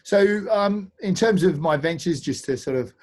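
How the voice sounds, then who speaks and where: A man's voice: sits high, animated, moderate pace. Easygoing man telling adventure stories. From England. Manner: easygoing, self-deprecating storyteller with frequent fillers. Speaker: co-host of an online adventure talk. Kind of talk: casual storytelling presentation over a video call. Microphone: video call.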